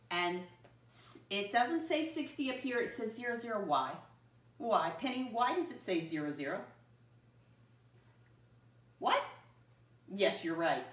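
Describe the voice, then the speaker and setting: A woman teaching a first grade class, speaking slowly and clearly to young children and spelling words out letter by letter. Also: medium pitch, big pitch swings, fairly bright tone. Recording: roomy sound from a distant mic.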